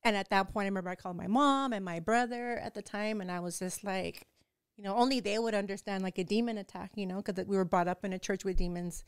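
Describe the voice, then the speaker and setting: A woman's voice: medium pitch, quick pace, clean tone, no room sound, studio quality. Candid woman telling a raw personal story. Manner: raw and emotional, swears freely, many filler "like"s. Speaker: guest telling her story.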